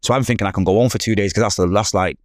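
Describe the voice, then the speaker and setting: A middle-aged man with a Mancunian accent rattles through a personal story at speed, slipping into the voices of people he quotes. His voice sits a little low, recorded close and dry with no room sound. He talks in quick, loose street slang. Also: no room sound. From England. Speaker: podcast guest. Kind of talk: emotional storytelling.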